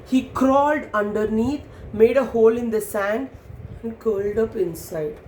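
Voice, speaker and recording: Lady reading a kids story, slow and lively, echoey room with a little noise. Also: fairly high pitch. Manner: animated, explains to children. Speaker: children's storyteller. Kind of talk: storytelling to children.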